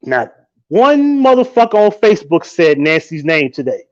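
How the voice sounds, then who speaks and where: A man's voice: fairly high pitch, sing-song, normal speed, muffled recording. Profane ranting man on a livestream. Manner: profane, loud and mocking. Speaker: livestream host. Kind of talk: casual live-stream rant.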